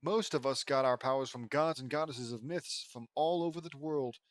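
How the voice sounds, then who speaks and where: A man's voice: mid-range voice, normal speed, dry recording, clean studio sound, lightly acted. A man reading the part of a winged super-powered hero who explains things in a plain, matter-of-fact way. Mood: explaining.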